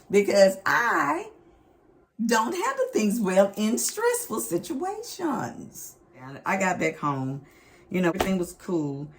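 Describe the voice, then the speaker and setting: A middle-aged woman, telling a family story in a casual, animated, expressive vlog. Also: mid-range voice, slow. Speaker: vlog host.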